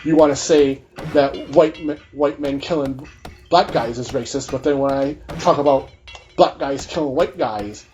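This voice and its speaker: A man's voice: medium pitch, a little slow, darkish tone, soft background music. Agitated profane man ranting, lo-fi audio. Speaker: gaming channel host. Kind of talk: heated rant during gameplay commentary.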